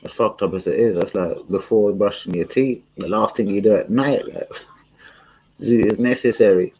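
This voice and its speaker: A relaxed man with a fairly low voice, hosting a live stream. He chats loosely with his viewers, full of slang and frequent swearing. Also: normal speed, husky, low-quality recording. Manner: laid-back, slangy, swears often. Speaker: streamer and channel host. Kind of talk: casual live-stream chat.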